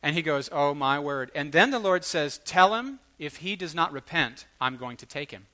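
Male preacher, animated storyteller, slightly high and bright, acts out quotes. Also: moderate pace. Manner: animated, acts out quoted voices, rising to loud bursts. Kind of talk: sermon storytelling.

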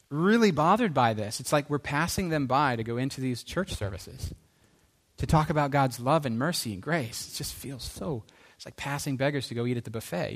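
A male preacher telling a story in a sermon, animated, often dropping to a hushed, earnest tone. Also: a little high.

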